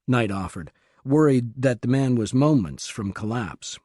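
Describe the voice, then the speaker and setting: A man reading an audiobook thriller in calm, measured scripted narration. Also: medium pitch, dry recording, studio quality.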